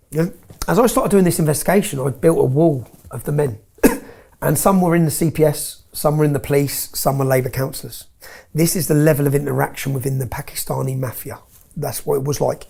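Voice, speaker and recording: A man's voice: on the high side, gravelly, mellow, slightly rough. A man tells his story in an interview, bluntly and with swearing, often checking in with "yeah?".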